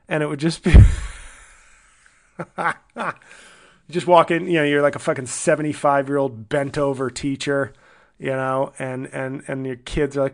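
A man's voice: medium pitch, level tone, moderate pace. A comedian hosting his podcast alone, talking in a rambling, self-deprecating and sardonic way, often swearing. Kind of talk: solo casual monologue.

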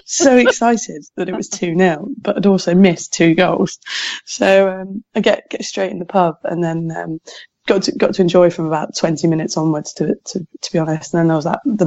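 A woman's voice: lowish voice, mellow, dry recording, highs cut off. A woman in her twenties, a podcast guest telling a story in casual chat, chatty with many fillers.

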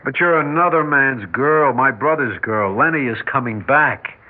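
A man's voice: mid-range voice, normal speed, close to an everyday voice. An actor in his forties playing a shy, kindly bachelor who owns a filling station, talking hesitantly and stammering in an old radio drama. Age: 40s. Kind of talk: 1950s radio drama acting. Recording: tinny old radio broadcast.

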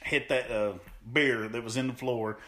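A man's voice: mid-range voice, normal speed, noisy background. A man, a pro wrestler, animatedly telling stories as a podcast guest and acting out what people said. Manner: animated, acts out quotes, laughs often. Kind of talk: storytelling in an interview.

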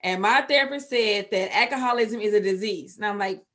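A woman with a Texan accent tells her personal story openly, speaking at a middle pitch. Her delivery is candid and emotional, and it sometimes breaks into loud outbursts. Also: fairly quick. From Texas. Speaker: guest.

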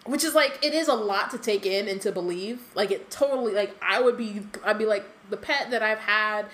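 Chatty woman co-host, mid-range voice, giggly between passages and brisk when reading aloud. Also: mid-range voice. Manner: giggly, chatty, reads narration in a brisk even tone. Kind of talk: casual book-club chat with read-aloud passages.

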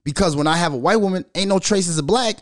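A middle-aged man ranting in a loud, profane, storytelling way as a commentary vlogger. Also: sits high, fast, no room sound, studio quality. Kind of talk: unscripted profane rant.

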